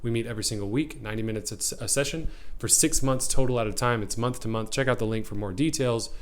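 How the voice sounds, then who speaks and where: An acting coach, a man, talks straight to his viewers in an energetic, emphatic way. His voice sits at an ordinary middle pitch, and he leans on key words as he teaches. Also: quick pace. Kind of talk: direct-to-camera teaching.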